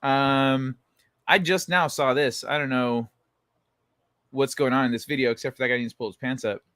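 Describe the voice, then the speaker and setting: A man's voice: mid-range voice, fairly even intonation, moderate pace, fairly bright tone, dry recording. A man hosting a casual late-night livestream, reading and answering chat in a laid-back way, swearing freely and chuckling. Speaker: livestream host.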